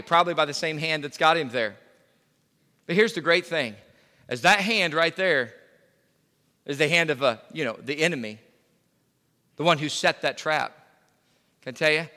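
A man's voice: a little high, sharp tone, big-room sound. A male pastor preaching a sermon in a conversational way, full of fillers and restarts. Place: church sanctuary.

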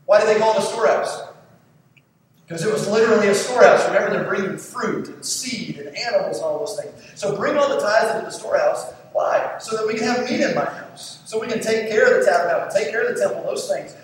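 A man preaches a sermon in a lively, conversational way, often throwing questions to the congregation. His voice sits fairly high. It echoes heavily through a large church and sounds distant from the mic, with faint noise behind it. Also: fast talker. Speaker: pastor. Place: church sanctuary.

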